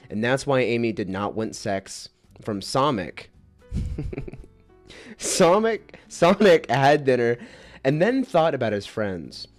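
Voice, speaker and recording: A man narrating a silly fan story aloud, giggling and stumbling over words. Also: medium pitch. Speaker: narrator and creator. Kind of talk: comic reading of a fan story.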